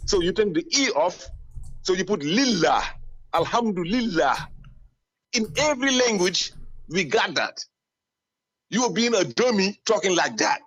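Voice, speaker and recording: A man's voice: sits high, lively intonation, moderate pace, pauses often, fairly bright tone, slightly rough, poor audio. A man arguing insistently in a heated debate. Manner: insistent, argumentative. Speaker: debate opponent.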